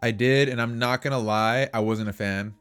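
A man's voice: mid-range voice, fairly even intonation, moderate pace, fairly bright tone, clean tone, soft background music. A man co-hosting a casual podcast chat, rambling with lots of fillers and restarts. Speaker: podcast co-host.

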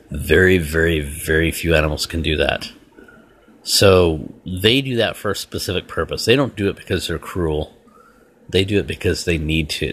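A man's voice: sits low, a bit bright. A man hosting his own podcast, ranting bluntly and rambling in an exasperated, casual way. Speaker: podcast host. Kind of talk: solo casual rant.

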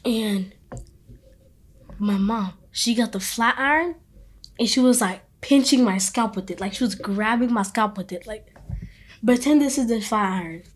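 A young woman co-hosting a podcast, telling stories in a relaxed, matter-of-fact way. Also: fairly high pitch, normal speed, long pauses. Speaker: podcast co-host. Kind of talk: casual chat.

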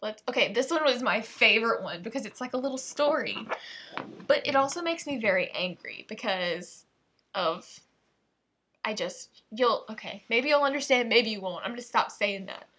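Her fairly high voice is expressive, sharp, and edged with breathiness as she reads tongue twisters at a moderate pace. She jokes about them in an exasperated way, frequently cutting herself off with asides.

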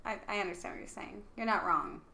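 A woman in casual conversation, jumping in with quick, animated reactions. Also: mid-range voice, vocal fry, a crowd in the background.

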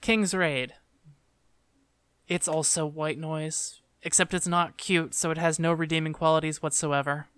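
Podcast co-host, male, smooth dry voice, griping and exasperated. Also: a little high, steady tone, a little slow, a bit bright, no room sound. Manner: ranting, exasperated complaining. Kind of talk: casual chat.

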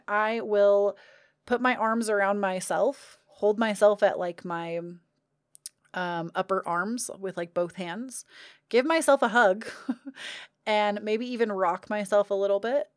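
A woman's voice: mid-range voice, smooth, no echo, clean studio sound. A young woman talking openly to her viewers about healing and self-care, earnest and confiding, with casual swearing. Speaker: vlogger. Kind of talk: candid self-help talk to camera.

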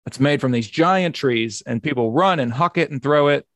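A man's voice: medium pitch, normal speed, fairly bright tone, no room sound. A man hosting a podcast in casual chat, rambling and often restarting his sentences. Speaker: podcast host.

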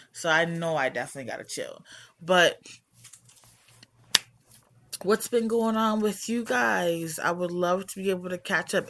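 A woman's voice: low voice, fairly bright tone. A middle-aged woman hosting her own podcast, talking casually and candidly in a rambling, self-reflective way from home. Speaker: podcast host. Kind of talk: casual personal talk.

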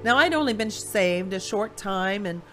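A woman from Ohio gives a personal faith testimony, animated storytelling with voiced quotes. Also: medium pitch, normal speed, soft background music. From Ohio, USA. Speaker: Christian speaker.

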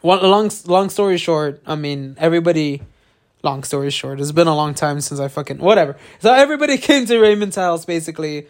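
A man's voice: a little high, brisk. A congested man co-hosting a casual chat, rambling, swearing a lot and laughing often. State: congested, coughing. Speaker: podcast co-host.

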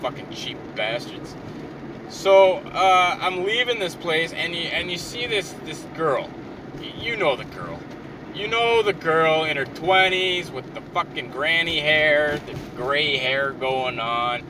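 A man's voice: a little high, animated, slow pace. A man ranting in a frustrated, profane and rambling way while driving and parking his car. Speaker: vlogger. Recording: distant mic with clear car road noise.

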